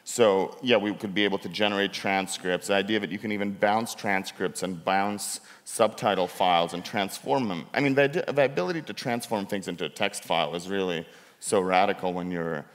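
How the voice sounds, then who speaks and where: A man's voice: deep voice, fairly quick. A man, a documentary filmmaker, explaining his work on a conference panel in loose, restarting sentences. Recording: long hall reverb.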